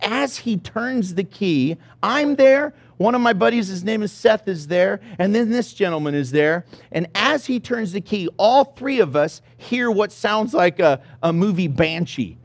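A male pastor preaching a sermon, telling a story with animated, rising excitement. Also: sits high, unhurried, few pauses, dry recording.

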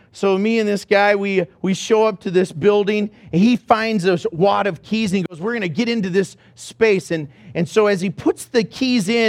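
A male pastor preaching a sermon, telling a story with animated, rising excitement. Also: sits high, no echo.

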